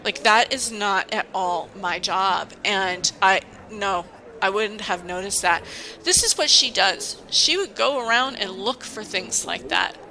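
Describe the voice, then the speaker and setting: A woman's voice: mid-range voice, unhurried, sharp tone, rough recording. A woman who works at a university, venting in a casual vlog and telling her story in an indignant, emphatic way. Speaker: university staff member.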